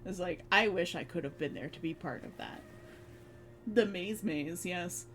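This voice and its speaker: A woman's voice: lowish voice, a little slow, a bit bright. Rambling woman on a casual stream. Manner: rambling, with frequent laughs and fillers. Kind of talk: casual chat.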